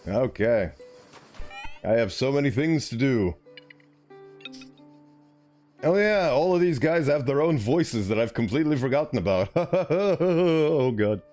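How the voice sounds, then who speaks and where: A man's voice: medium pitch, big pitch swings, measured pace, pauses often, a little mellow, faint music behind. A young man chatting casually while streaming a video game, rambling and laughing at himself. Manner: rambling, self-mocking, giggly. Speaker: VTuber streamer.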